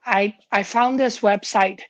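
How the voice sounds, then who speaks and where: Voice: medium pitch, steady tone, unhurried. A woman pharmacist talking on a live stream, telling a story in an earnest, heartfelt way and sounding tired.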